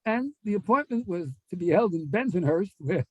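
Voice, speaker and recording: Rabbi, high voice, lively storyteller, dry close recording. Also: male voice, normal speed, dry recording, highs cut off. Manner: animated storyteller, acts out dialogue. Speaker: rabbi giving a Torah class. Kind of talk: storytelling Torah lecture.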